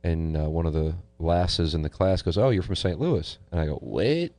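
A man's voice: deep voice, lively intonation, normal speed, a little mellow, no echo. A middle-aged man from Missouri hosting a radio show, reading listener messages and chatting casually. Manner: reads listener messages aloud. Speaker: radio host.

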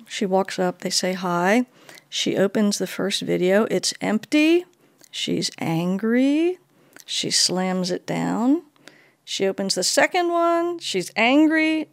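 A woman's voice: mid-range voice, creaky, dry recording. A woman being interviewed, telling her own story with animation and acting out the dialogue she recounts. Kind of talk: personal storytelling.

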